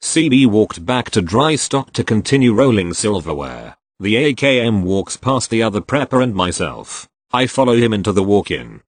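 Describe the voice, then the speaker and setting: A man reading posts aloud in a lively, expressive way. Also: lowish voice, normal speed, hardly any pauses, no echo. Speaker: narrator reading Reddit posts.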